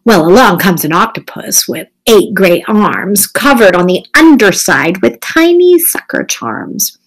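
Brief: woman teacher at storytime, reading aloud, slow and expressive. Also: medium pitch, vocal fry, low-quality recording. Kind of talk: reading a picture book aloud.

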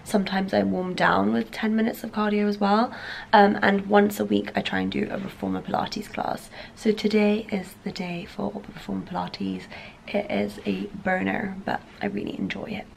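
A young woman chatting to camera in a casual vlog, croaky with morning voice and rambling with ums and likes. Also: medium pitch, little pitch movement, normal speed, slight background noise, rough recording. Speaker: vlogger.

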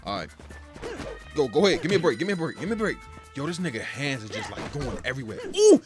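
A man's voice: fairly high pitch, wildly swooping pitch, quick pace. A man giving casual, profane gameplay commentary and trash-talking the game's fighters as he plays. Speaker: gaming channel host. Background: game music.

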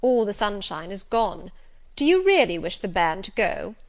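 A woman voicing a brusque, peremptory gentleman in an audiobook reading. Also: medium pitch, very animated, moderate pace, lightly acted. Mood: curt.

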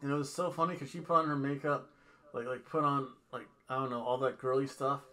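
A man hosting a wrestling review show, chatting casually and telling rambling stories with sudden loud bursts. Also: mid-range voice, steady tone, a little fast. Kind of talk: casual chat.

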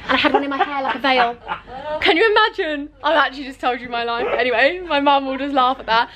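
A woman's voice: high-pitched, fast talker, fairly bright tone. A young woman in her twenties, vlogging from a bridal shop in a gushing, emotional way. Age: 20s. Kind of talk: excited chatty vlog.

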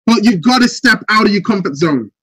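A man giving a motivational speech on a group video call, firing rhetorical questions and building up to shouts. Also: high voice, lively intonation, a little fast, breathy edge, dry recording, poor audio. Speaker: motivational speaker.

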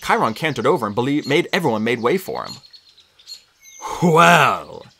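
An audiobook reader narrating a story in first person with lively, expressive storytelling. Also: medium pitch, quick pace, a little hiss or hum.

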